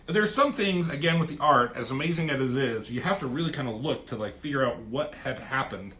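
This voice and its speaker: A man's voice: medium pitch, lively intonation, a little fast, bright, forceful tone. A man reviewing a comic book in a loose, rambling, casual way, swearing freely and trailing off as he goes.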